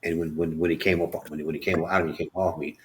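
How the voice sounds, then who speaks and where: A man with a very low voice shares his life story as an interview guest. He talks quickly and earnestly, stumbling and repeating words as he goes. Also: level tone, slight background noise. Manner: halting, many restarts and repeated words; earnest and emotional. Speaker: author and podcast guest. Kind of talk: candid personal storytelling in an interview.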